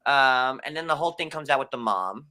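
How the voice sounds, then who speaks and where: A man from New York hosting a casual recap chat, rambling and full of fillers, with sudden jumps in pitch. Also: expressive, fairly quick, pushed and bright. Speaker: podcast host.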